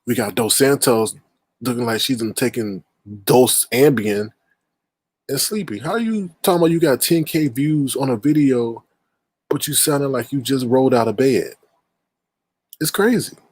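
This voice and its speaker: A man's voice: medium pitch, moderate pace, darkish tone, breathy edge. A man hosting a livestream panel in casual chat, exasperated and laughing as he scolds the guests. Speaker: panel host.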